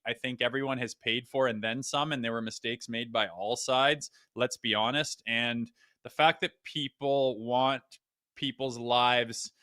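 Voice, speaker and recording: A man's voice: mid-range voice, bright, forceful tone, no room sound, clean studio sound. A man co-hosting a hockey talk show, speaking animatedly with sarcasm and some swearing. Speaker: podcast co-host. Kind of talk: casual sports chat.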